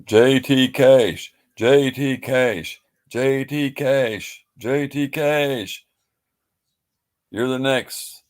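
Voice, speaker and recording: A man putting on a game-show announcer voice, calling out contestants in loud, drawn-out shouts. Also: low voice. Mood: hyped.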